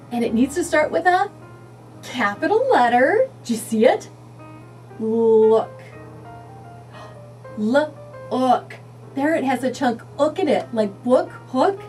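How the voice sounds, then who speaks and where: A woman teaching young children to read, sounding out letters and words slowly and encouragingly. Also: sits high, distant mic. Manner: slow, sing-song, sounding out letters. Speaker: early reading teacher. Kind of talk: children's phonics lesson.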